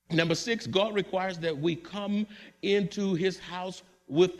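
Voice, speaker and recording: A man's voice: sits high, unhurried. A man preaching a sermon to his church congregation, building fervor through repetition. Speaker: pastor. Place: church sanctuary.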